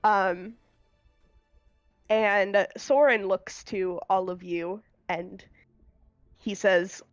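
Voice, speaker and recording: A woman running a tabletop game as game master, narrating in an unhurried way with frequent fillers and laughs. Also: medium pitch, steady tone, no room sound, highs cut off, soft background music.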